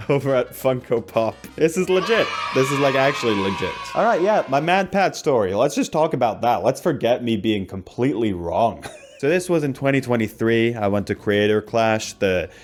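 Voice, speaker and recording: A man casually reviewing products and telling a story, animated and self-deprecating, laughing often and restarting sentences. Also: mid-range voice, normal speed, faint music behind. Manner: rambling, restarts a lot. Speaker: YouTuber.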